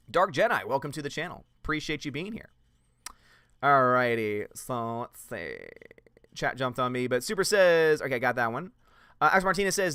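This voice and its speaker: A male movie-channel host reads out chat comments and rants in an emphatic, sarcastic manner. His voice is bright, smooth and a little high. He is recorded close on a dry home mic. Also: no room sound. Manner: emphatic, sarcastic, laughs often mid-sentence. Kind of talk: live-stream chat reading and rant.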